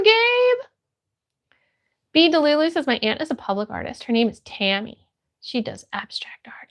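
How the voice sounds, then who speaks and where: A woman's voice: high voice, a bit bright. A young woman hosting a casual phone livestream, bubbly and greeting viewers by name as she reads the chat. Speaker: livestream host reading chat. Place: home, phone stream.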